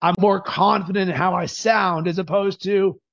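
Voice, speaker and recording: A man hosting a podcast, coaching in an energetic, emphatic way. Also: high-pitched, moderate pace, gravelly, highs cut off.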